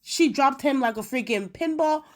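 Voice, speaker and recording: A woman in a casual episode review, chatty and animated, acting out quotes with lots of fillers. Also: high voice, normal speed. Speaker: video reviewer.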